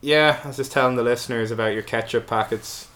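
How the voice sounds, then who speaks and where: A man's voice: mid-range voice, fairly even intonation, fast talker, fairly bright tone, slight background noise. A man hosting a casual comedy podcast from a table in a friend's home, playful and giggly. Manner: playful, giggly, self-mocking. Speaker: podcast host.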